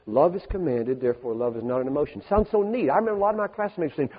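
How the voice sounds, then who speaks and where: Older male pastor, sermon delivery, slightly high husky voice, emphatic with big swings; thin lo-fi sound in a long reverberant hall. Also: animated, very fast, hardly any pauses. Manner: emphatic, shifting from soft asides to rising, preaching peaks.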